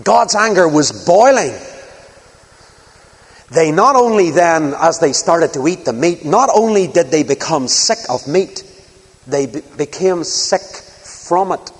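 A man's voice: fairly high pitch, unhurried, breathy edge. A middle-aged man preaching a sermon, acting out dialogue in different voices. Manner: animated, acts out dialogue in voices. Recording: long hall reverb.

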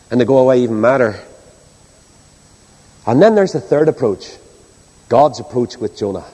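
A man's voice: on the high side, a little mellow. A man preaching a sermon, asking the congregation rhetorical questions. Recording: long hall reverb.

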